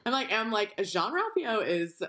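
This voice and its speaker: A woman co-hosting a podcast in casual chat, telling animated stories and acting out quoted voices. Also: mid-range voice, moderate pace, over a noisy crowd. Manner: animated storyteller, acts out quoted voices, laughs often. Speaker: podcast co-host.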